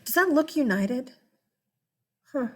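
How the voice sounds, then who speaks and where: An American woman giving a casual, animated history lesson, chatty and full of asides and check-ins. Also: sits high, slow pace. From United States. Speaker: history teacher. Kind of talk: casual classroom-style lecture.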